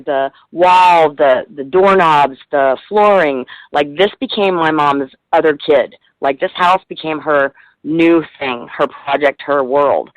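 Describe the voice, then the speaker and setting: A woman's voice: low voice, dry recording, rough recording. A middle-aged woman guest in a casual radio interview, talking in a rambling, heartfelt way with plenty of swearing.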